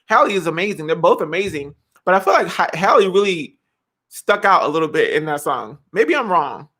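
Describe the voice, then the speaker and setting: Woman in her 20s, lively dramatic vlogger chatting to camera. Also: fairly low pitch, brisk. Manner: animated, dramatic, laughs often, sings snippets. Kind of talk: casual chat.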